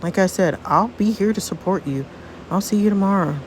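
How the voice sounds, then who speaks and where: A woman's voice: medium pitch, fairly quick, slight background noise, close to an everyday voice, low-quality recording. A woman voicing a teenage boy who is anxious and blames himself over becoming a father. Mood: serious. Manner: distressed, self-blaming.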